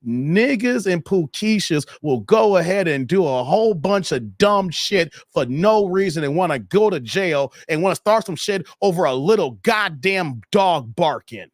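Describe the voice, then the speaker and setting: A man tells a story to his viewers in a loose, profane rant. His fairly high voice leaps up and down with lively expression. The sound is close and dry, with no room echo. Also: measured pace, few pauses. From Chicago, USA. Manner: animated, profane, talks straight to viewers. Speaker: YouTube commentator.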